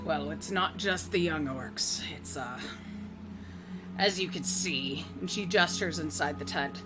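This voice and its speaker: A woman's voice: sits low, unhurried, over music. A woman voicing an older, scarred orc woman who leads weary healers, speaking formally and hesitantly.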